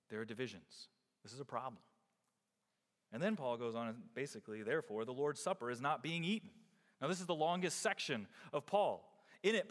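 Animated man preaching in a reverberant hall. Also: on the high side. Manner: emphatic, rising and falling preaching delivery. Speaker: pastor. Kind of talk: sermon.

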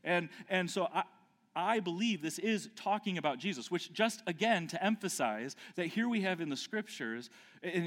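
Male preacher, slightly high voice, emphatic and questioning, big reverberant hall. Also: a bit bright. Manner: emphatic, rises and falls sharply, frequent restarts and rhetorical questions. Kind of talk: expository sermon.

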